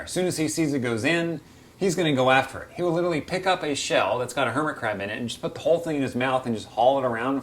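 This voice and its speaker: Beside his reef tank, an American man hosts a casual aquarium Q&A explainer, chatty and quick to act out little quoted voices of fish and hobbyists. His voice is medium-pitched and a bit bright.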